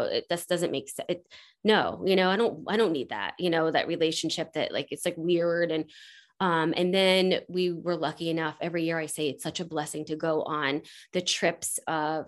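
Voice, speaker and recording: Woman, podcast guest, casual interview chat, chatty, rambling, lowish voice. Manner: chatty, rambling, many fillers. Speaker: podcast guest, coach's wife.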